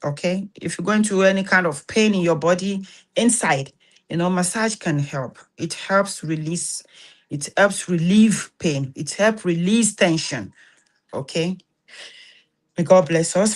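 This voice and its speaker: A woman with a Nigerian Yoruba accent talks to her listeners in an animated, pastoral way. She slips into Yoruba phrases and swings up into preacher-like emphasis, then settles into prayer. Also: on the low side, unhurried. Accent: Nigerian, Yoruba-influenced. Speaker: host and massage therapist. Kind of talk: spoken talk with prayer.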